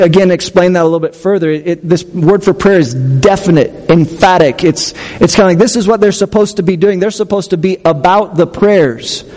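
A man's voice: high voice, a little mellow, big-room sound. A man preaching a sermon as pastor, talking in a conversational way with restarts and questions to the congregation.

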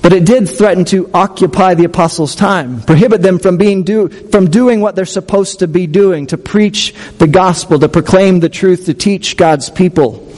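A man's voice: high voice, normal speed, few pauses, a little mellow, big-room sound. A man preaching a sermon as pastor, talking in a conversational way with restarts and questions to the congregation.

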